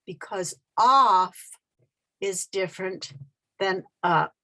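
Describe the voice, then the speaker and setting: A woman leads a pronunciation lesson, speaking slowly and deliberately. She is patient and repeats each vowel sound and word so the learner can copy her. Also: medium pitch, a bit bright. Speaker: literacy teacher.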